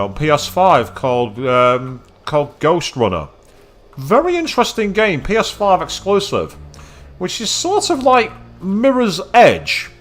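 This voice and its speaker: Chatty man, lively tone. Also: on the high side. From Manchester, England. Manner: chatty, wry asides while playing. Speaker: let's play streamer. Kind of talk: casual gameplay commentary.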